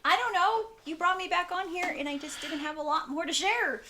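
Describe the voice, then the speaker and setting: A woman's voice: very high-pitched, a little fast, pushed and bright, a little hiss or hum. A young woman co-hosting a podcast, chatting casually and laughing easily. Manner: giggly, easygoing. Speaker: podcast co-host. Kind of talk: casual chat.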